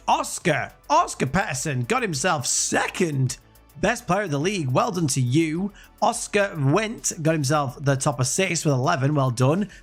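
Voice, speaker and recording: Young gaming commentator, high and animated, rambling and jokey. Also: male voice, husky. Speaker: gaming YouTuber. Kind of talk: let's-play commentary.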